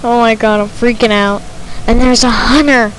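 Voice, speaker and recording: A woman narrating her own gameplay in a let's play commentary, jittery and excitable, repeating herself when tense. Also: on the high side, moderate pace, a little hiss or hum, poor audio.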